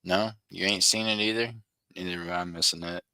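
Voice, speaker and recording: A man's voice: deep voice, fairly even intonation, brisk, bright, forceful tone, smooth, no echo. A man hosting a casual live stream, chatting with viewers by name in rambling, joking, slangy banter and laughing often. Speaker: livestream host.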